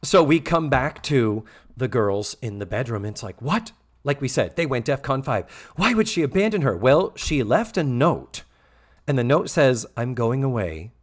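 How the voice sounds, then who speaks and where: A man hosts a casual podcast with a lively, swinging voice. He sits at a middling pitch and recaps a show with theatrical flair. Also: normal speed. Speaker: podcast host. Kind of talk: casual chat.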